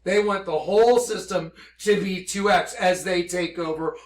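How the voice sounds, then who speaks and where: Intense high-voiced man preaching. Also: echoey room. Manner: intense and excitable, slow emphatic scripture reading then rapid storytelling. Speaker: religious speaker. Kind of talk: impassioned religious monologue.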